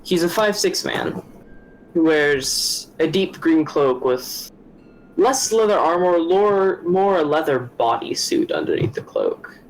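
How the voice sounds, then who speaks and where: Man, higher pitch, relaxed tabletop player describing his character, faint background hum. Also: slow, poor audio. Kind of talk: casual chat and character description.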